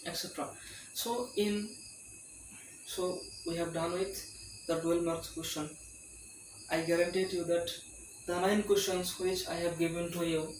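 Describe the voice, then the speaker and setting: A male tutor giving an exam-prep lecture, reading questions aloud and reassuring students in a repetitive way. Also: fairly high pitch. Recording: roomy, distant mic with loud insect noise.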